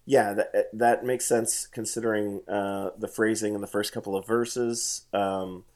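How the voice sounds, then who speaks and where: A man's voice: fairly low pitch, fairly even intonation, a little slow, hardly any pauses, a little mellow. A man leading a casual bible study conversation, hesitant with many fillers and restarts, reading scripture aloud. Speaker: bible study discussion leader.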